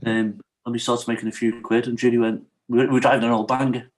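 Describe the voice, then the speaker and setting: Animated storytelling man. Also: medium pitch, fast, poor audio. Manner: animated storyteller, acts out quotes, often asks "right?". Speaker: podcast guest. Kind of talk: candid storytelling.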